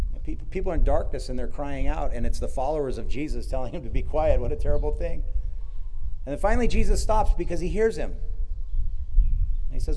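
Male preacher, warm and mellow, conversational storytelling sermon. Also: on the high side, lively intonation, a little fast. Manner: storytelling, quietly voicing Jesus' words. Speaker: pastor.

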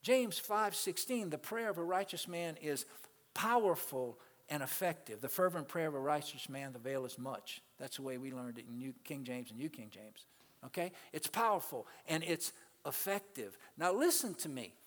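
A male pastor preaching a sermon to his congregation, swinging between loud, emphatic peaks and quiet asides and calling out to the people in the pews. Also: fairly high pitch, animated, moderate pace. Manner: calls out to the congregation. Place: church sanctuary. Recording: long reverb of a large hall.

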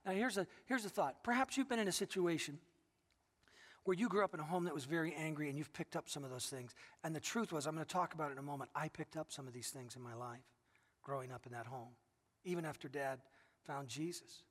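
A man's voice: a little high, quick pace. A middle-aged man preaching a sermon as pastor, telling stories earnestly and often restarting his sentences. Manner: earnest storytelling with repeated restarts. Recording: long reverb of a large hall.

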